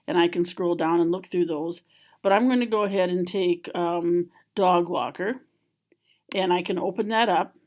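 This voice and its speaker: A woman with a fairly low voice gives a screen-recorded software tutorial. She explains each step calmly and plainly, like a school library trainer talking viewers through clicks and menus. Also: moderate pace.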